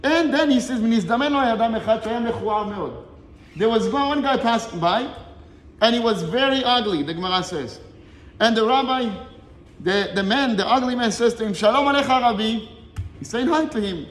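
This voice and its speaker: A man teaching a quick Torah lesson, his voice pitched high and his words tumbling out fast. He retells an old story with lots of animation, dropping into Hebrew quotes and then explaining them in English, all in a room with a long, ringing echo. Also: expressive.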